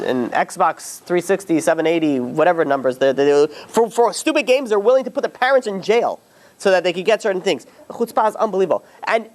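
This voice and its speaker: Man, panel host, very quick delivery, rambling, exasperated asides, casual discussion. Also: a little high. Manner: animated, rambling, with many restarts and exasperated asides.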